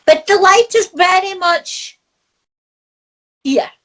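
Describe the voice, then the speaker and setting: Scottish woman, middle-aged, high bright voice, chatty spiritual teacher who laughs a lot. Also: takes it slowly. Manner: lively storyteller who laughs often. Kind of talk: casual chat.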